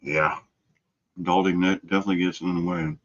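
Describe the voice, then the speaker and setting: A man's voice: low-pitched, flat delivery, brisk. A middle-aged man hosting a casual live stream, easygoing, answering viewers' messages by name. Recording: dull lo-fi stream audio.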